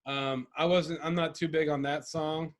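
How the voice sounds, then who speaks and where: A man's voice: a little high, fairly even intonation, moderate pace. A man co-hosting a casual podcast chat, rambling and profane, often laughing. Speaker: podcast co-host.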